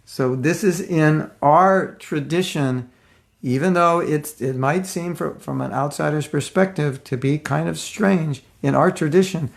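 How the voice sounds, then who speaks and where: An older man teaching a relaxed spiritual class, telling stories and acting out the voices of people in them. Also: fairly high pitch, gravelly. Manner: conversational storytelling, acts out voices of people in his stories. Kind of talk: casual devotional lecture.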